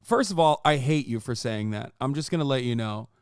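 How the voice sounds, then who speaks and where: Brief: 30s male streamer, smooth voice, dry close sound, sarcastic profane rants. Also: mid-range voice, animated, a little fast, no echo. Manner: profane, sarcastic, exasperated ranting. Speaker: streamer reacting to a video. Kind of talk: reaction commentary.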